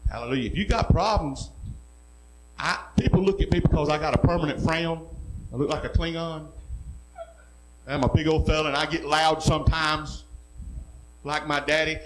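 A middle-aged man, a pastor preaching a sermon who tells folksy stories and builds to loud, rising preaching. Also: fairly high pitch, slight background noise, rough recording.

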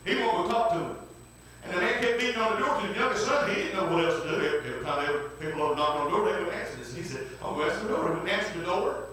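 A man's voice: high-pitched, expressive, very fast, pushed and bright, a little hiss or hum. A man preaching a folksy storytelling sermon, repeating himself and breaking in with hallelujahs and amens. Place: church. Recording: very echoey room, distant mic.

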